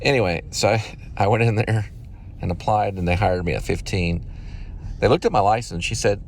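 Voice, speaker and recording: A man's voice: lowish voice, normal speed. A man hosting a casual driving vlog as a delivery driver, rambling and joking while he drives. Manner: rambling, jokey storytelling. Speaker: delivery driver, show host. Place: moving car. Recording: loud car road noise.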